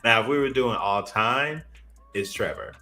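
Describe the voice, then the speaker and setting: A man's voice: fairly low pitch, lively intonation, measured pace, sharp tone. A man co-hosting a podcast in casual chat, easygoing and playful. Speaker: podcast co-host.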